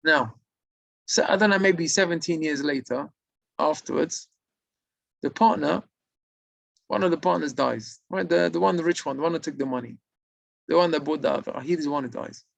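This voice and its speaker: A man's voice: moderate pace, gravelly, long pauses, no echo. A man telling a religious moral story, acting out the characters' lines. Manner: animated, acts out the characters' lines with higher pitch.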